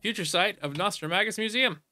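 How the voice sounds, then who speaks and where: A man's voice: sits high, fairly quick, bright, forceful tone, a little hiss or hum. A man casually commenting on a game he is playing, reading the on-screen text aloud and adding playful hums and silly sound effects. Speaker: gamer playing through a game. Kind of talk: casual let's play commentary.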